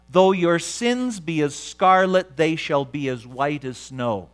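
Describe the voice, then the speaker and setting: A man's voice: a little high, expressive, takes it slowly, few pauses, clean tone. A man preaching a sermon, retelling a story with dramatic flair and acting out the quotes.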